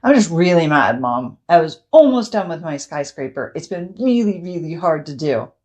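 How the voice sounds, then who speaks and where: A woman's voice: sits low, big pitch swings, normal speed, darkish tone, highs cut off. A woman voicing a frustrated young boy who whines and complains to his mother. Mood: sulky. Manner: whiny, complaining.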